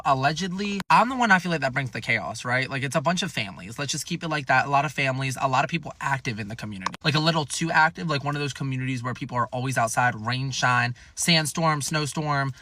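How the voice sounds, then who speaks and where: A man's voice: on the high side, bright, forceful tone, a little hiss or hum. A man telling a storytime in a chatty, sassy way, swearing and exaggerating for fun. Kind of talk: casual storytime.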